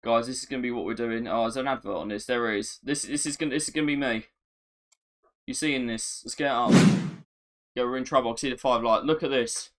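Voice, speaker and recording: A man chats his way through a live gaming stream in an easy, mid-pitched voice. He is excitable and self-mocking, and he repeats phrases as he reacts. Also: fast talker. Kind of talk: casual live-stream chat.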